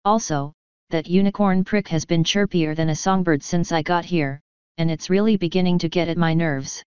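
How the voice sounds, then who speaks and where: A woman reading a bold, scheming male prisoner who bargains calmly, in a dull lo-fi recording. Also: on the low side, normal speed, clean tone, dry recording, lightly acted. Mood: bargaining.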